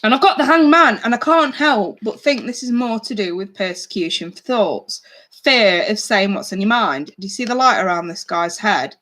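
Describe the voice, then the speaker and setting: A woman's voice: mid-range voice, expressive, normal speed, a bit bright. A woman giving live tarot readings to her viewers in a chatty, blunt way, swearing casually. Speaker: tarot reader.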